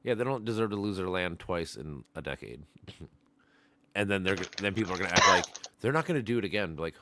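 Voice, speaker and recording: A man's voice: low voice, expressive, a little fast, heavy background noise. A man hosting a casual stream, talking bluntly with lots of swearing and laughing. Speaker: stream host. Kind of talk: casual profane chat.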